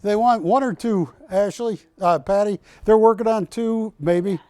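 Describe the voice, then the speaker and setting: A high-pitched older man hosts a live TV sales show. His voice is clear and smooth, and he takes his time. He is close-miked in a dry studio. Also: a little slow, no echo. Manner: energetic, joking, urging callers. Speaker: shopping channel host.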